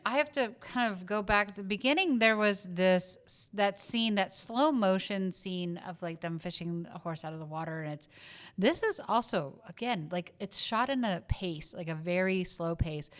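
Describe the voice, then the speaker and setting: A woman's voice: medium pitch, moderate pace. A woman with a subtle Southern US accent, co-hosting a casual film review podcast and thinking aloud with many fillers and restarts. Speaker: podcast co-host.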